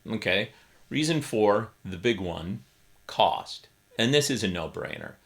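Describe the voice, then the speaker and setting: A man's voice: on the low side, lively intonation, a little slow. A middle-aged man casually explaining music gear in a vlog from a small home studio, with wry, self-deprecating humor. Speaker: keyboard YouTuber.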